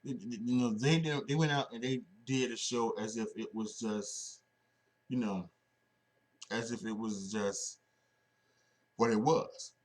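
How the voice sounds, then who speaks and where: A man hosts his own wrestling podcast, talking off the cuff with lots of fillers and false starts. He sounds a bit sleepy, and his voice sits at an ordinary middle pitch. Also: steady tone, a little slow. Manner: rambling, many restarts and fillers. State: sleepy, yawning. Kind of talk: casual solo podcast talk.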